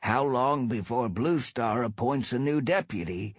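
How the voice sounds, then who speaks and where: A man voicing an impatient, gossipy old tom cat elder, pitched a little above his own voice. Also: lively intonation, measured pace, no echo. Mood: testy. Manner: testy and gossipy.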